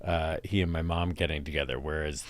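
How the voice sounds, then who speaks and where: A man's voice: rumbling low, fairly even intonation, fairly quick, no echo. A man guesting on a podcast, modest and self-deprecating, laughing as he tells stories. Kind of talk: casual chat.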